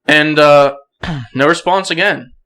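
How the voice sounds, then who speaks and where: Young male podcast guest, bright and a bit high, animated storyteller who laughs a lot. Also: slow pace. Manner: animated, laughs through the story, throat clearing. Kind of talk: casual storytelling.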